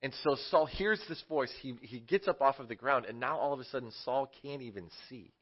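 Man, children's Bible teacher, chatty and question-asking, mid-pitched voice, dull lo-fi recording. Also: fairly quick. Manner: conversational, asks the audience questions. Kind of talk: casual Bible lesson for kids.

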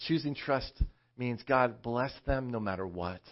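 A man preaching a sermon in a conversational, animated storytelling way. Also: medium pitch, a little slow, highs cut off. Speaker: pastor.

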